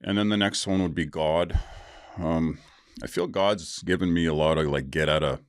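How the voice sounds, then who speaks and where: A man's voice: deep voice, fairly even intonation, moderate pace, smooth, no room sound, studio quality. A middle-aged man hosting his own podcast, talking candidly in a rambling, casual way, with frequent swearing and fillers. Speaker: podcast host. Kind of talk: casual solo podcast talk.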